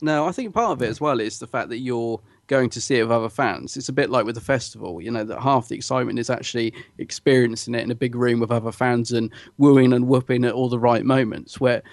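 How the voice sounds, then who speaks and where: Man, podcast co-host, enthusiastic casual chat, mid-pitched voice, dry close sound. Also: fast talker, hardly any pauses, a little mellow, no echo. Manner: chatty and enthusiastic, laughs easily, many restarts.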